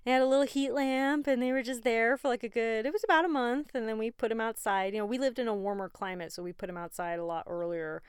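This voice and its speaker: A woman's voice: fairly high pitch, quick pace, few pauses, smooth, no room sound, studio quality. A woman hosting a podcast in a casual, rambling, chatty way, with frequent fillers and laughs. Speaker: podcast host. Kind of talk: casual chat.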